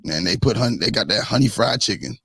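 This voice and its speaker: Laid-back podcast host, teasing. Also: male voice, fairly low pitch, lively intonation, brisk, vocal fry, a bit bright, breathy edge, no echo, clean studio sound. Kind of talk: casual chat.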